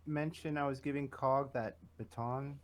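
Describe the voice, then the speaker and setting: A man acting as game master, running a tabletop game with animated, laughing banter. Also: mid-range voice, normal speed.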